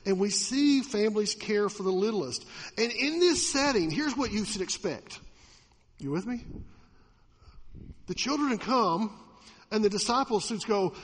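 A pastor preaching a sermon, swinging from loud emphatic peaks to quiet asides and asking his listeners questions. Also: high voice, expressive, a little slow, pauses often, big-room sound. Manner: asks the audience questions.

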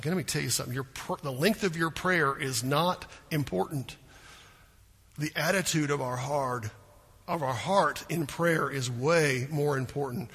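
Animated preacher man, bright and husky. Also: a little high, normal speed, in a large hall. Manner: animated, acts out voices of people in the story. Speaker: pastor. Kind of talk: sermon.

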